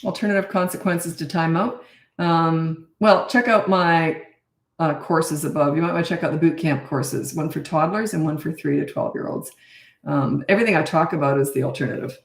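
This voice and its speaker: A middle-aged woman parenting coach answering questions in a blunt, brisk, no-nonsense way. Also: low voice, creaky. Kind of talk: casual Q&A advice. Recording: echoey room.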